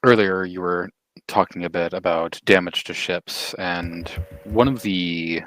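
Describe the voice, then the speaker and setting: A man from a gaming community asking the guest a careful, measured question over a voice call. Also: low-pitched, steady tone, fairly bright tone. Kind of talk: casual conversation.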